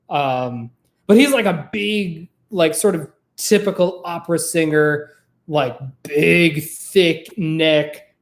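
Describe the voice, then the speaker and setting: A vlog host and trained former opera singer, chatting casually to camera in a rambling, profane, lively way. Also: medium pitch, takes it slowly, echoey room.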